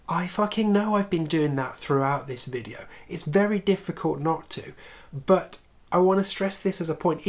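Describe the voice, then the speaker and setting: A man's voice: on the high side, a little mellow. A man hosting a casual film review video, chatty and opinionated, with sarcastic swearing asides.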